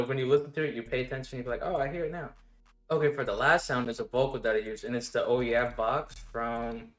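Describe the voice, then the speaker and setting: Man explaining beats in a roomy space. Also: medium pitch. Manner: relaxed step-by-step explaining with fillers. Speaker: music production tutor. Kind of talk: casual screen-recorded tutorial. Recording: roomy echo. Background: faint music playing.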